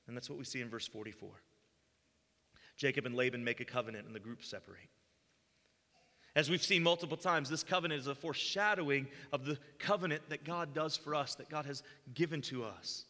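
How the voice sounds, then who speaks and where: Bright-voiced preacher in a reverberant hall. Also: male voice, medium pitch, fairly quick. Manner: acts out quoted speech with rising intensity. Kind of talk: sermon with Bible reading.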